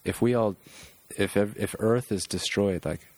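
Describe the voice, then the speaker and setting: A man hosting a casual interview, musing aloud in a relaxed way with many fillers. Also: lowish voice, a little slow. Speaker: podcast host.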